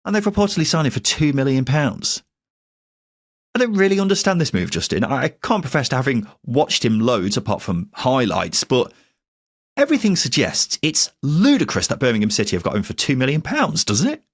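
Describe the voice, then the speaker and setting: A man co-hosting a casual football podcast, wry and quick to laugh. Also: medium pitch, big pitch swings, breathy edge. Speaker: podcast co-host.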